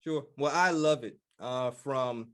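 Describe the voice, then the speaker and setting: A man from the United States hosting a podcast interview, enthusiastic and quick to affirm his guest. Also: medium pitch, a bit bright, clean tone. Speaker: podcast host.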